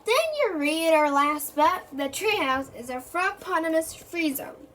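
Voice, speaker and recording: A woman's voice: very high voice, animated, measured pace, fairly bright tone, full character voice. A woman reading the lines of an impatient, bossy boy detective in a plain storybook reading voice.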